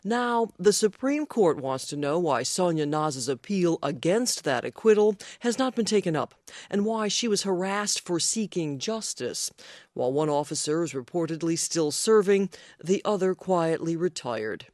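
A woman reporter narrating a radio news story in a measured voice. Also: on the low side, animated, darkish tone, no echo, clean studio sound.

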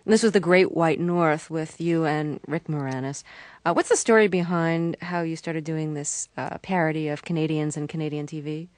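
A woman's voice: sits low, moderate pace, no room sound. A woman hosting an interview, asking questions lightly and with curiosity. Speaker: interviewer host. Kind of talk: radio interview.

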